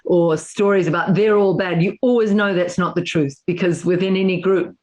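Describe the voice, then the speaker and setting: A woman's voice: on the low side, steady tone, normal speed, darkish tone. A middle-aged woman from New Zealand, interviewing in an earnest, heartfelt way. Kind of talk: casual interview.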